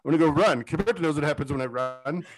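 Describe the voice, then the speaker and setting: A man co-hosting a casual sports podcast, excitable and rambling, going off on tangents with hype talk. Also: fairly high pitch, quick pace, poor audio. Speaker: podcast co-host.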